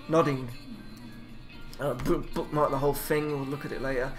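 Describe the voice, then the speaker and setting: Man, rambling, swearing, slightly high voice, faint background music. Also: flat delivery, a little fast, fairly bright tone. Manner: rambling, swears, mumbles while reading aloud. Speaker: vlogger. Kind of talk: casual self-taught language study.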